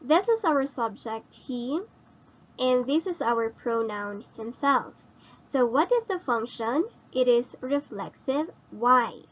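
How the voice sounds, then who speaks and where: Filipino lady teacher, slow step by step grammar explaining, kinda dull lo-fi audio. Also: a little high, expressive. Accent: Filipino English. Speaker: English teacher. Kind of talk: recorded online grammar lesson.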